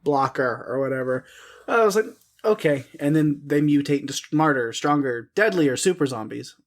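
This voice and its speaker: A man's voice: mid-range voice, expressive, normal speed. Wry man co-hosting a podcast. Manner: wry, sarcastic, laughs often. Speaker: podcast co-host. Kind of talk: casual chat reviewing a film.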